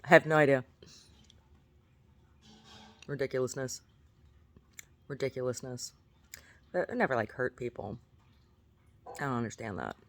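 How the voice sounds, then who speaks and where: A middle-aged woman vlogger talks casually to her camera in an extremely low voice, a little slow and full of pauses, with slight background noise. She rambles through her stories, laughing, poking fun at herself, repeating words and often starting over.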